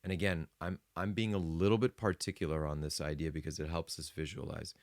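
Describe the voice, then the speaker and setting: A man's voice: sits low, steady tone, fairly quick, no echo, studio quality. A man co-hosting a podcast, explaining ideas step by step in a casual, enthusiastic way and laughing often. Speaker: podcast co-host. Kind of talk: casual spiritual discussion.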